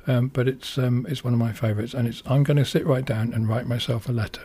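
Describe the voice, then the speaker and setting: A man's voice: medium pitch, fairly even intonation, fast. A man presenting a music show, talking unscripted and hesitantly with many ums and restarts. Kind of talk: casual unscripted radio-style introduction.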